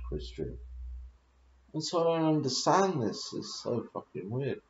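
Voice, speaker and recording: Deep-voiced British man rambling, lo-fi. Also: a little mellow, reverberant. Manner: swears a lot, rambling and confused. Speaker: vlogger. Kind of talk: rambling confessional monologue. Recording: dull lo-fi audio.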